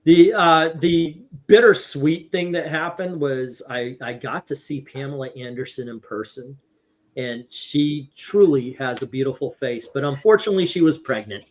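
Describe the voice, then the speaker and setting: A middle-aged man spins a long, swearing anecdote on a casual stream. His voice sits somewhat high for a man, and he rambles with restarts and filler. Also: normal speed. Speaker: livestream host. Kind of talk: casual chat, storytelling.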